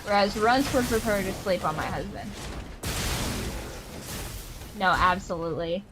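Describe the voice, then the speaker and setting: Young woman, game streamer, casual rambling chat, lots of filler words, medium pitch, slight background hiss. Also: a little slow. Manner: chatty, rambling, full of "like" fillers; animated storyteller, playfully exasperated. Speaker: gaming streamer.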